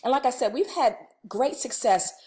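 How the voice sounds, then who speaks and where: A woman's voice: sits high, moderate pace. A woman leading a recorded staff training on conflict, talking casually and acting out sample dialogue. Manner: lively, conversational, acts out sample dialogue.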